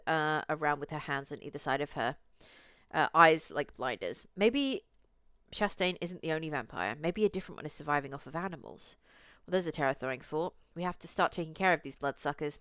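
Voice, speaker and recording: A woman's voice: deep voice, a bit bright, smooth, dry recording. A young woman streamer reading a visual novel aloud, with chatty, cursing asides to her chat.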